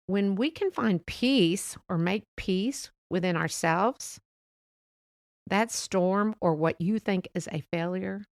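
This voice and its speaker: A middle-aged woman hosting a faith-based motivational talk, speaking in a gentle, reassuring and chatty way with soft laughs. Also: medium pitch, dry recording, clean studio sound. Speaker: podcast host.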